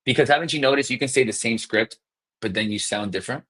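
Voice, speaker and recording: Upbeat male sales coach, quick and emphatic, mid-pitched, acts out phone scripts for trainees. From South Florida. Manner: energetic, fast, emphatic, demonstrates scripts. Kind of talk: live coaching session.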